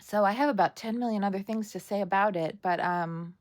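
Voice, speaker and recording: A woman's voice: mid-range voice, brisk. Chatty American woman vlogging. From United States. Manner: chatty and gushing, with many fillers. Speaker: vlogger reviewing TV. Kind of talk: casual chat to camera.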